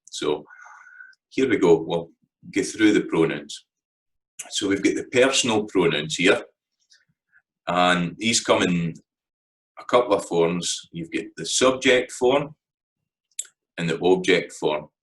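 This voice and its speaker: A man with a Scottish accent giving a casual spoken lesson, relaxed and hesitant, with many fillers and restarts. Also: sits low, rough recording. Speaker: language teacher.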